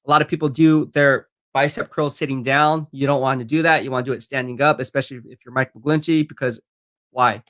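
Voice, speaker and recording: A man's voice: mid-range voice, steady tone, brisk, a bit bright. A man live-streaming football talk, reading viewer comments and answering them in a confident, chatty way. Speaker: sports streamer.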